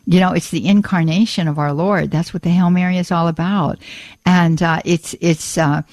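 A woman's voice: on the low side, steady tone, moderate pace, darkish tone, no room sound. Effusive woman hosting call-in radio. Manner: effusive, repeats praise words, many restarts. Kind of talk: Catholic call-in radio talk.

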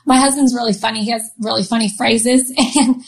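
A woman's voice: on the high side, fairly even intonation, a little fast, gravelly. A woman in her thirties telling a personal story as an interview guest, chatty and often laughing, with many fillers.

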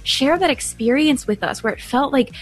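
A woman's voice: sits high, lively intonation, faint music behind. Chatty Irish-born woman radio host. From Ireland. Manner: chatty, quick, laughs easily. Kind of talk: Catholic radio talk.

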